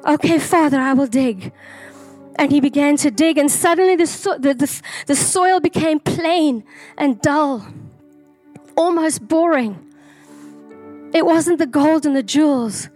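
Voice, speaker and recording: A woman's voice: high voice, measured pace, a little mellow, soft background music. A woman earnestly sharing a prophetic vision as a flowing, repetitive story. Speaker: prophetic speaker.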